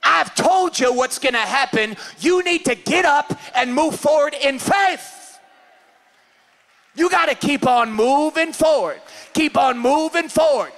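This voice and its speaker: A man with a Californian accent preaches a sermon in a very high voice. His tone is bright and ringing, and he keeps pushing into loud, impassioned shouts as he acts out scenes for the congregation. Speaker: pastor. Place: church service.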